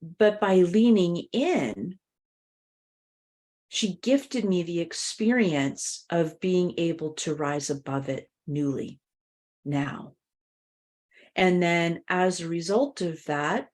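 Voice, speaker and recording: A woman podcast host sharing personal experiences in a reflective, open way, often saying "you know". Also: lowish voice.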